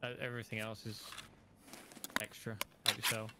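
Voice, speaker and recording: A man's voice: lowish voice, monotone, moderate pace. A man from London with a London accent, making short matter-of-fact reports to his squad over voice chat. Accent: London English. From London, England. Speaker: squad teammate. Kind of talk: tactical voice chat. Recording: loud game noise over voice chat.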